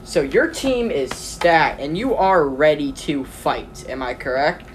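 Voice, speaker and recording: A game master narrating a tabletop game in a rambling way, with many pauses and restarts. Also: mid-range voice, big pitch swings, slight background noise.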